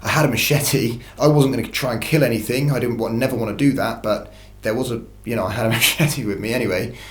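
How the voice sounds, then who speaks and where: A man's voice: medium pitch, quick pace, roomy sound. A man telling a first-person story in a casual, rambling way, full of restarts and swearing. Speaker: channel host telling an encounter story.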